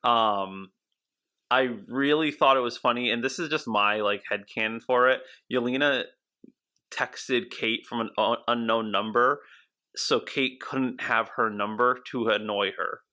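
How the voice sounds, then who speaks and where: A man with a mid-range, bright voice co-hosts a podcast. He spins fan theories in an animated, rambling way, restarting his sentences as ideas tumble out. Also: medium pitch, measured pace. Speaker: podcast co-host. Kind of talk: casual podcast chat.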